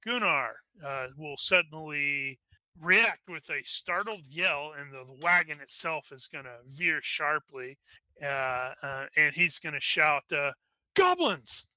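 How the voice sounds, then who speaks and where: A man's voice: on the high side, a little slow, pushed and bright, clear, resonant tone, no echo. A man narrating as game master of an online tabletop game, rambling with many fillers and restarts.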